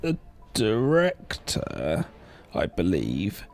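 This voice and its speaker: A man's voice: fairly low pitch, wildly swooping pitch, drawn-out words, creaky, darkish tone, faint music behind. A man co-hosting a podcast, chatting casually about a film and often trailing off mid-sentence. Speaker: podcast co-host.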